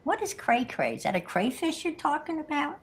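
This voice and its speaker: A woman's voice: sits high, wildly swooping pitch, fairly quick. A woman chatting casually on a craft livestream, wry and joking. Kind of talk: casual chat.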